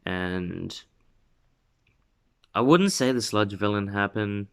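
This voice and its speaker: A man's voice: fairly low pitch, takes it slowly, vocal fry, fairly bright tone, clear, resonant tone. A young man casually telling a made-up story from his room at home, rambling with lots of fillers and self-corrections. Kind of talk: casual spoken fan story.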